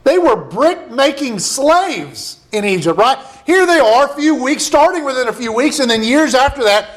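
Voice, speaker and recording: A man with a high voice preaches in a relaxed, conversational way. He stops to read scripture passages aloud, then talks them through with his listeners. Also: moderate pace, few pauses. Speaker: pastor. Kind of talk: sermon with scripture reading.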